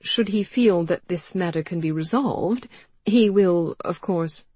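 Woman doing a polite apologetic gentleman, careful, kinda husky. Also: fairly low pitch, no echo. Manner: measured and careful. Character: careful, apologetic middle-aged gentleman lawyer.

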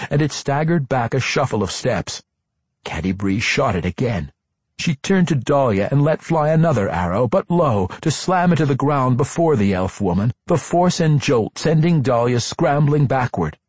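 A man narrating a fantasy audiobook in an expressive, dramatic reading with character voices. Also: medium pitch, slightly rough, dry recording.

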